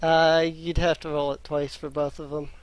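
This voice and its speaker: A man running a tabletop game as game master, pausing often with ums. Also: on the high side, little pitch movement, dry recording. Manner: hesitant, many ums.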